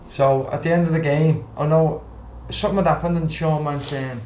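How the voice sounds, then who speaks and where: A man's voice: a little high, steady tone, moderate pace, darkish tone, slight background noise. A young man with a Scouse accent, a former footballer on a podcast, telling stories casually and acting out the quotes. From Liverpool, England. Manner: swears freely, acts out quotes. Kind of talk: casual storytelling. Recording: roomy with faint background ambience.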